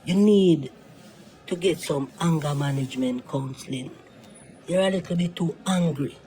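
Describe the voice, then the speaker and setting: A man's voice: fairly high pitch, moderate pace, darkish tone, a little hiss or hum, natural voice, low-quality recording. A man voicing a reformed former thief serving life in prison, giving earnest advice in broken creole English. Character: reformed male thief, longtime prison inmate, calm advisor. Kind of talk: cartoon voice acting.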